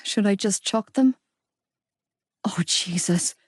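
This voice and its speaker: A woman's voice: on the high side, a little slow, warm tone, dry recording. Woman voicing a tearful young woman. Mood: weary. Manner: pleading, close to tears. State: crying. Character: heartbroken young woman, fierce and loyal.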